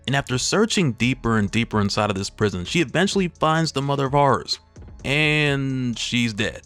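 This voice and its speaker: A man hosting a casual comic book story recap, telling it in a laid-back, slangy and lively way. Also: mid-range voice, normal speed, no echo, soft background music.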